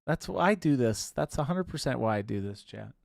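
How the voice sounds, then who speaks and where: Laughing, playful man with a lively voice. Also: mid-range voice, fairly quick, creaky, dry recording, studio quality. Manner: playful, laughs often, puts on silly voices. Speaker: livestream co-host. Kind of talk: casual livestream banter.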